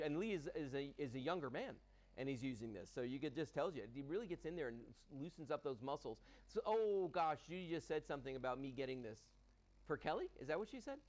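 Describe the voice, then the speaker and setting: A man's voice: on the high side, low-quality recording. A man hosting a live home shopping show, chatting enthusiastically while demonstrating a product, with frequent fillers. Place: TV studio. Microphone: earpiece and studio mic.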